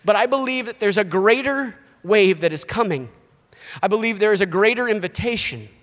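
A man in his thirties, a missionary preaching a sermon in an animated way, acting out voices. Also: high-pitched, moderate pace, in a large hall. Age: 30s. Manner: animated, acts out quoted voices.

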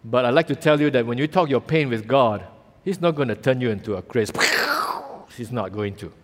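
A man's voice: medium pitch, lively intonation, normal speed. A man preaching a sermon, telling the story animatedly with casual fillers and acting out voices. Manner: casual local fillers like "lah" and "ah". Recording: reverberant hall.

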